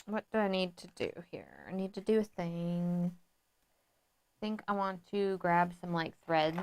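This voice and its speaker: A woman's voice: on the low side, animated, measured pace. A woman co-hosting a live board game playthrough, giggling, thinking aloud about her moves and apologizing for mistakes. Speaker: board game show co-host. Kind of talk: casual live playthrough chat.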